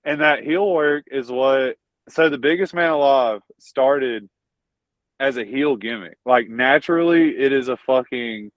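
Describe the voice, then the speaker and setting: A man's voice: mid-range voice, measured pace, no room sound. A man with a Southern accent, a pro wrestler talking in a casual interview, rambling and swearing often. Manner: profane, rambling, says "dude" and "bro". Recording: dull lo-fi dry audio.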